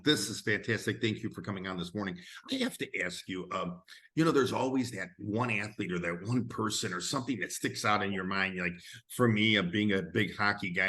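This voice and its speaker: Bright, enthusiastic interview host. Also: male voice, lowish voice. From Chicago area. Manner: enthusiastic, rambling questions. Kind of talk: casual interview hosting.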